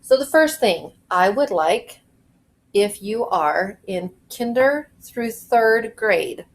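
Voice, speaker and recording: A woman music teacher in her kitchen, giving slow, clear, encouraging instructions to young children in a home video lesson. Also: medium pitch, lively intonation, rough recording.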